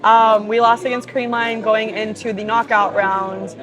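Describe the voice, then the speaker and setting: A woman's voice: fairly high pitch, little pitch movement, unhurried, rough recording. A young woman from Hawaii, a professional volleyball player, reads fan questions aloud and answers them in a chatty, upbeat way, with plenty of "like" and "you know". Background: background music.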